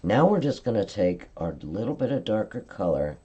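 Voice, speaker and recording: A woman leads a live-stream craft lesson, talking through each step in a friendly, chatty way. Her voice sits low and mellow, and she often stops to check in with her viewers. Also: very animated, moderate pace, slightly rough, muffled recording. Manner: chatty step-by-step instruction, frequent "okay?" check-ins. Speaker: card-making demonstrator.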